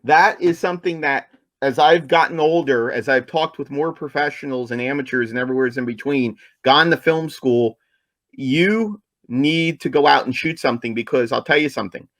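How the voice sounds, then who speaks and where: A man's voice: mid-range voice, moderate pace, a bit bright, dry recording. A man co-hosting a podcast, talking in an enthusiastic, casual way and repeating his points for emphasis. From New Jersey, USA. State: coughing, apologizes for it. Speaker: podcast co-host.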